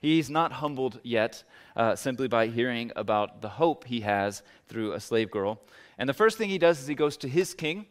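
Conversational male pastor preaching. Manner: conversational, acts out biblical figures' words with rising pitch. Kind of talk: sermon.

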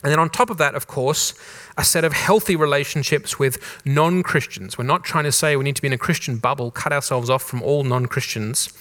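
A pastor from Australia preaching a conversational sermon, with a mild Australian accent softened toward neutral English, repeating rhetorical questions and restarting phrases. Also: male voice, mid-range voice, brisk, hardly any pauses. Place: church in Germany.

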